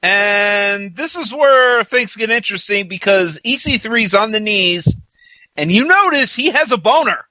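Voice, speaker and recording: High, bright, sarcastic man on a podcast. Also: animated, unhurried, no room sound, highs cut off. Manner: sarcastic, recounts the show in mock quotes, laughs often. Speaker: podcast co-host. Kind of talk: casual wrestling recap chat.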